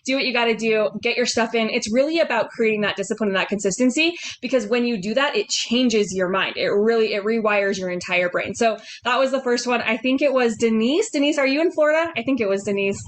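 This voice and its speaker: A woman's voice: a little high, a little fast, hardly any pauses. Upbeat woman coaching on a call. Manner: upbeat, chatty, laughs often. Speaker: business coach. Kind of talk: motivational sales coaching on a group video call. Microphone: video call.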